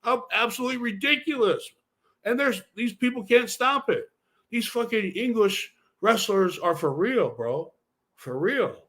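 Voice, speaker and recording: A man's voice: sits high, expressive, a little slow, fairly bright tone. A man being interviewed about his wrestling career, telling stories in a loose, rambling way and swearing constantly. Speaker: interview guest, former wrestler. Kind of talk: casual storytelling interview.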